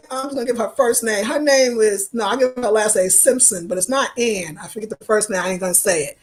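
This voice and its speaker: A woman in her fifties chatting casually with viewers of her live stream, expressive and emotional, reading comments aloud and sounding tired from travel. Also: mid-range voice, fairly quick, few pauses. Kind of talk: casual livestream chat.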